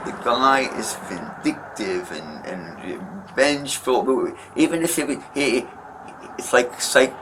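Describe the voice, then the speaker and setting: A man's voice: medium pitch, animated, slow. Rambling, defensive man on a noisy recording. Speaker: landlord questioned by a detective. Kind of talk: recorded police interview.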